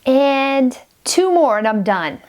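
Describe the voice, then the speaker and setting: A woman's voice: high voice, sing-song, slow pace, a little mellow. Chatty forty-something woman knitting podcaster. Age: 40s. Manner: chatty, gushing, rambling with many restarts. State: stuffy and sniffly. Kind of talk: casual chat to camera.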